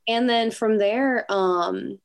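A woman's voice: fairly high pitch, takes it slowly, vocal fry. A woman musician chatting in an interview, talking loosely with lots of fillers and frequent laughs. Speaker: musician guest. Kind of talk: casual interview chat.

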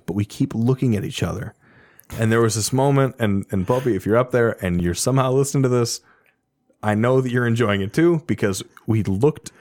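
A man telling a funny story in a casual chat, animated and profane, laughing often as he goes. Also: mid-range voice, no echo, clean studio sound. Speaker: storyteller guest.

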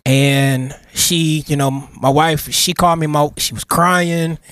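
A man in his thirties co-hosting a casual podcast, telling a story in an animated, slangy way and getting emotional. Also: fairly high pitch, slow, no room sound, studio quality. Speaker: podcast co-host. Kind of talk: casual chat.

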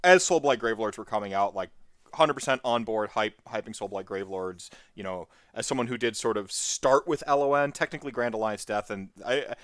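A man co-hosting a casual gaming chat, talking in an animated, rambling way full of restarts and fillers. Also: on the low side, a little fast, no room sound, clean studio sound. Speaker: podcast co-host.

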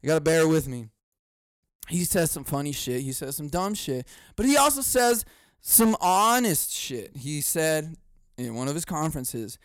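On his solo podcast, a man rants casually in a high, smooth voice, swearing freely and laughing at his own jokes. He's very animated yet unhurried, swinging between loud mock outrage and low muttered asides. The close mic gives a dry recording.

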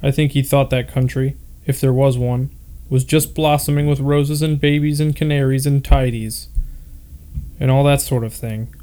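A man's voice: mid-range voice, fairly even intonation, normal speed, dark tone, smooth. A man reading an old novel aloud for his podcast, breaking off now and then to puzzle over odd words. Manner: stops to comment on odd words. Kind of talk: casual read-aloud with asides.

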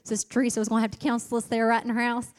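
A young woman giving an emotional testimony at a church service, starting soft and building to loud, tearful fervor. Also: on the high side, monotone, rapid-fire.

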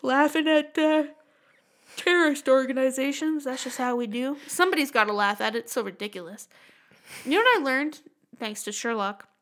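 Young woman podcast co-host, high bright voice, profane and animated. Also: normal speed. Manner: swears a lot, animated storytelling. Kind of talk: casual chat.

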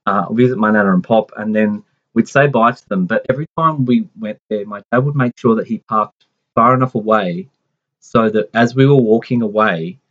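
A man's voice: lowish voice, normal speed. Rambling man telling a family story. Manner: rambling, with many restarts and asides. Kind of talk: casual conversational storytelling. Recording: dull lo-fi sound.

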